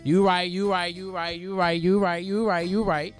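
A man's voice: high-pitched, little pitch movement, moderate pace, faint music behind, close to an everyday voice. A man voicing a protective mother goddess of the harvest, panicked and cursing as she demands answers. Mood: frantic.

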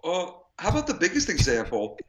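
A man's voice: high voice, huge pitch swings, fairly quick, fairly bright tone. A man co-hosting a casual chat, rambling with many fillers and restarts, and laughing easily.

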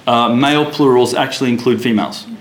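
A man's voice: medium pitch, steady tone, quick pace, a crowd in the background. A man leading a casual Bible study, chatty and laughing, often restarting his sentences. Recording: echoey room with faint noise.

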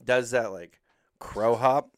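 A man's voice: mid-range voice, slow pace, no room sound, clean studio sound. A man in casual chat with friends, telling animal stories in a rambling, profane way with lots of filler words.

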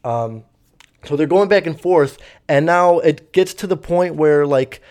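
A man's voice: fairly high pitch, measured pace, a little mellow. A young man telling a story casually, rambling and swearing with lots of fillers. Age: young adult. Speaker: vlogger.

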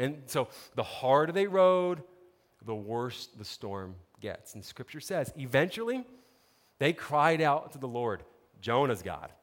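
A man preaching a sermon, telling a story with lively, conversational asides to his listeners. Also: mid-range voice, measured pace, in a large hall. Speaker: pastor.

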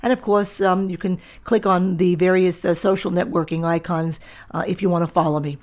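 A woman's voice: lowish voice, steady tone, a little fast, a little mellow. A middle-aged woman hosting her own podcast, talking firmly and directly to listeners in a lecturing monologue. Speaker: podcast host and diet center owner.

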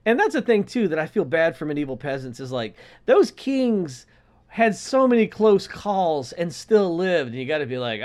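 A man's voice: on the high side, sing-song, moderate pace, a little mellow. Rambling, jokey male podcast co-host. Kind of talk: casual comedic chat.

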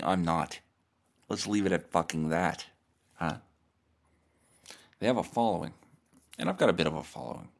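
A man's voice: low-pitched, vocal fry. A man hosting his podcast from his bed, ranting in a crude, sardonic, rambling way without a proper microphone. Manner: profane, sardonic, rambling rants. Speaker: podcast host. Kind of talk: crude comedic monologue. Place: in bed at home. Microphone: cheap or built-in mic.

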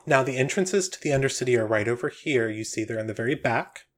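Man voicing calm, brisk Etrata. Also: medium pitch, natural voice. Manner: calm, matter-of-fact.

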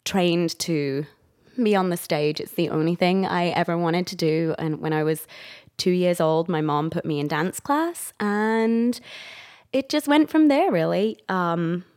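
A woman's voice: lowish voice, a little slow, a little mellow. A woman, an actor and director, chatting as a podcast guest in a rambling, laugh-prone way. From England. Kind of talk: casual interview chat.

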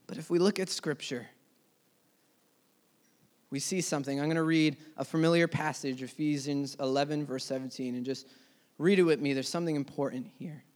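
A young man preaching a sermon, telling a personal story earnestly, his voice dropping low and soft then rising loud. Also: moderate pace.

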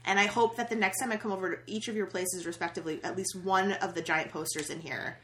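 A woman in her thirties hosting a podcast, chatting casually and gushing excitedly over gifts. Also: mid-range voice, quick pace. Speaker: podcast host. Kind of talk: casual chat.

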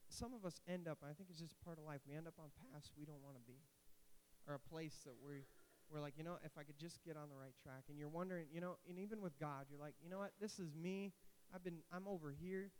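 A young man in his late twenties preaches in a loose, conversational way, full of asides and quips. His voice sits a bit high, and his volume swings from hushed to loud. A faint hiss runs underneath. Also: fast talker, rough recording. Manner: animated storytelling with asides and jokes. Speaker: youth pastor. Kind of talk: sermon.

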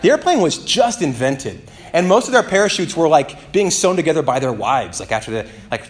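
A man preaching a sermon as pastor, animated and conversational, with playful asides and calls for the congregation to respond. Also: fairly high pitch, fairly quick.

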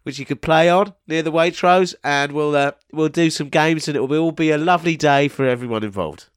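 A man's voice: fairly high pitch, fairly quick, clear, resonant tone, no echo, studio quality. A man co-hosting a casual comedy podcast, teasing his partner and making silly mock announcements. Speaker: podcast co-host.

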